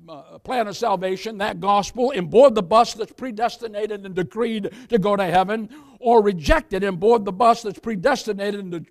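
A man pastor preaching a sermon in church with folksy humor, often putting questions to the congregation. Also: sits high.

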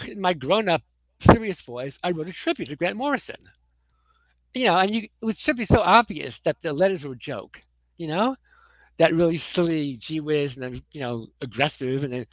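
A woman's voice: low-pitched, very animated, normal speed, dry recording, lo-fi sound. An American woman in a casual interview, telling rambling anecdotes with many "you know"s and chuckles. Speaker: comics writer, guest.

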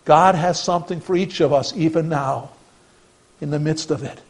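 A male pastor delivering a sermon in a notably high voice. He speaks with earnest conviction, pressing hard on key phrases and then dropping almost to a murmur. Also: normal speed, rough recording. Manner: earnest preaching, swings from emphatic to hushed.

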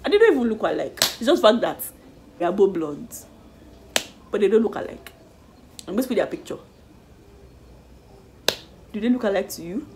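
A woman chatting casually in a lively, animated way as she reviews a reality show. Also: mid-range voice, moderate pace, pauses often, a little hiss or hum. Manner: lively, animated retelling with slang. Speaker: YouTube reviewer.

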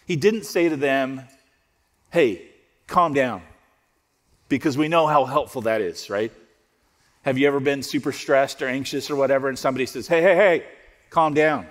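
A man preaching a sermon as pastor, conversational and joking, dropping to soft prayerful tones. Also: medium pitch, big-room sound. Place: church auditorium.

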